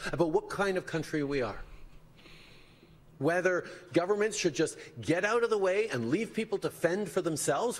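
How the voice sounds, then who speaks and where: A man giving a measured, deliberate statement to the press. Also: a little high. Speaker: politician speaking to press.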